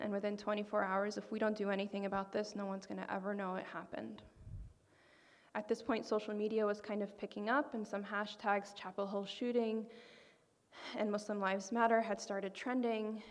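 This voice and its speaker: Woman speaking in a reverberant banquet hall. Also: medium pitch. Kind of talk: public speech.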